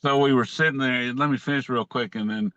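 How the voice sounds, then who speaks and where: A man's voice: medium pitch, steady tone, a little fast, muffled recording, crowd noise. A man, telling rambling, self-amused stories as a guest in a casual chat. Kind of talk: casual storytelling.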